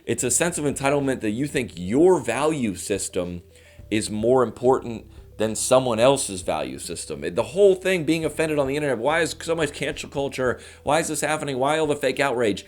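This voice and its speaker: Brief: male comic in his thirties, fast animated monologue to camera, faint music underneath. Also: medium pitch. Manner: rapid, animated rants with mock voices. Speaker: comedian host.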